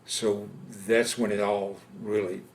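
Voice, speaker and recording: A man in his seventies from Louisiana, recounting his war experiences in an oral history interview, speaking haltingly with many pauses and fillers. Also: on the low side, flat delivery, slight background noise. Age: 70s. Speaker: veteran interviewee. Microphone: interview camera setup.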